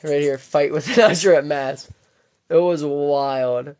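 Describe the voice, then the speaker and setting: A man's voice: a little high, fairly even intonation, measured pace, darkish tone, clean tone, dry recording. A man telling a story on a livestream, rambling casually and stopping often to restart. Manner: rambling, full of fillers and restarts.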